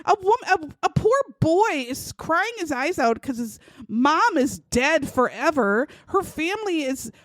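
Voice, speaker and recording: Woman podcast co-host, lively pitch, dry close sound, swears freely when outraged. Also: a little slow, few pauses, no room sound. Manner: outraged, profane, animated storytelling. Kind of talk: casual true-crime chat.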